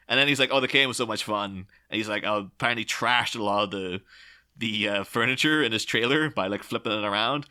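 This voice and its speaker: A man co-hosting a casual podcast, chatty and animated, laughing often as he retells quotes. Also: on the low side, a little fast, clear, resonant tone. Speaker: podcast co-host.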